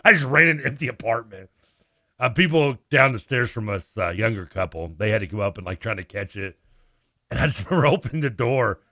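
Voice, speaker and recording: A man's voice: mid-range voice, fairly quick, no room sound, studio quality. A man, co-hosting a sports radio show and telling stories in casual chat, acting out the voices with laughs. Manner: animated storyteller, acts out voices and laughs.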